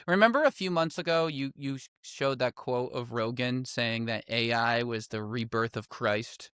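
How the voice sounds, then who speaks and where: A man's voice: medium pitch, moderate pace, fairly bright tone, smooth, no room sound, studio quality. A man co-hosting a political podcast, laughing often and sounding incredulous in casual chat. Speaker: podcast co-host.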